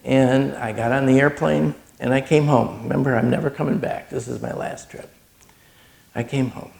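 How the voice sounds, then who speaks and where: Middle-aged guy with a really gravelly voice, earnest story talk, gets choked up at times. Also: mid-range voice, fairly even intonation, moderate pace, a little mellow. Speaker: charity speaker. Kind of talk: personal testimony talk.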